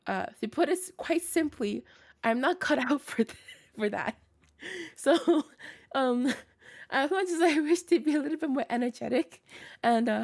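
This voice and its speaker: A woman's voice: sits high, darkish tone. Scratchy-voiced woman streamer. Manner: rambling, laughs often, many fillers. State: scratchy, tired voice. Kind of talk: casual livestream chat with viewers.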